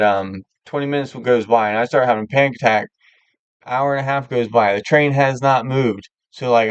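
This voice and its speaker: A man's voice: mid-range voice, clean tone, no echo, muffled recording. A man hosting a live stream, talking candidly and rambling with many filler words in casual chat. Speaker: livestream host.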